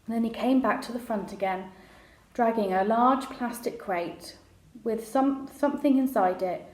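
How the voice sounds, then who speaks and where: A woman reading a children's novel aloud chapter by chapter, in a relaxed, conversational way with small restarts. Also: fairly high pitch, a little slow. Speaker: storyteller. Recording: roomy echo.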